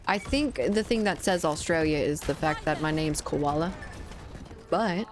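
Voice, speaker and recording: A woman's voice: sits low, moderate pace, noisy background. A woman in her twenties from South Louisiana, streaming a shooter game and chatting casually with viewers, joking and swearing often. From South Louisiana, USA. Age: 20s. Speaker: gaming streamer. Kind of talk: casual chat while playing a shooter and reading chat. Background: faint game gunfire.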